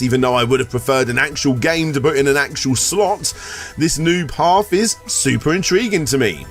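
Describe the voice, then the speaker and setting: A man gives his view in a calm, earnest vlog voice. He speaks in a measured way, weighing his points. Faint music plays underneath. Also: medium pitch. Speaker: YouTuber in a clip. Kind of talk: casual vlog commentary.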